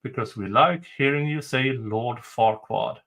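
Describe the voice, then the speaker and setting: A man's voice: mid-range voice, unhurried, a bit bright. A man with a Swedish accent hosting a live stream, commenting casually on a trial with sarcastic jokes and swearing. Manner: joking, sarcastic, swears freely. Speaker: livestream host commenting on a trial.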